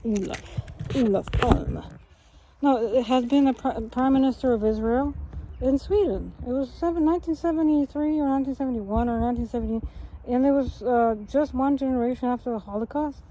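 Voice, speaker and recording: Alone on camera, a woman delivers a rambling monologue, jumping between topics and correcting herself mid-sentence, with lots of fillers and small laughs. Her voice is high, dark in tone, and a little fast, and the poor audio carries slight background noise.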